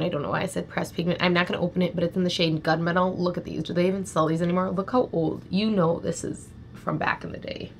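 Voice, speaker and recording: A woman's voice: on the low side, slight background noise. Blunt, chatty young woman reviewing makeup. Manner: blunt, chatty, rambling with many "like"s. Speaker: beauty vlogger. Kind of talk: casual product review chat.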